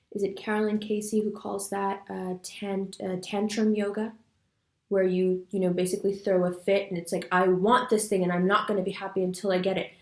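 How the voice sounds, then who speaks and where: Animated woman in an echoey room. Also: mid-range voice. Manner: animated storytelling with voiced quotes; fidgety, loose, filler-heavy. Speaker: astrology video host. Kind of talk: casual spoken monologue.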